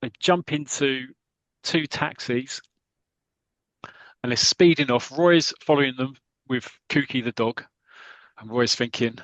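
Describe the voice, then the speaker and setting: A man in a mid-pitched voice retells a comic plot in a casual, rambling way, often restarting his sentences. He is a podcast co-host talking to a friend. The recording is dry and close. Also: a little slow, pauses often, dry recording, poor audio.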